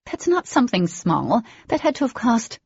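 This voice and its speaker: A woman voicing an excitable, gushing teenage girl heroine in an audiobook, with a lifted, excited delivery. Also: medium pitch, a little slow, creaky, breathy edge, no echo, dull audio, pitched above the performer's own voice.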